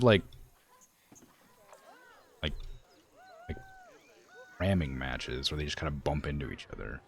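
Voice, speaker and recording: A man chats casually while streaming, musing aloud and talking to his animals. His voice sits very low, yet it swings widely up and down. He sounds a little sleepy and meanders through his thoughts. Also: expressive, a little slow, vocal fry, pauses often, slightly rough. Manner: rambling, talks to the animals, many "like" fillers; tired, yawning. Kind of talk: casual game commentary.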